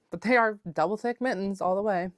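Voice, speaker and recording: At home, a woman with a medium-pitched voice chats casually as a knitting vlogger, rambling with plenty of filler words and playfully calling her viewers "besties." The recording is clean studio sound with no room noise.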